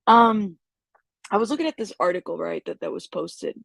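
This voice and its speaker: A woman hosting a casual livestream, raspy and congested from a cold, rambling and greeting viewers in the chat. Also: mid-range voice, lively intonation, normal speed, fairly bright tone, no echo. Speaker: YouTube news host.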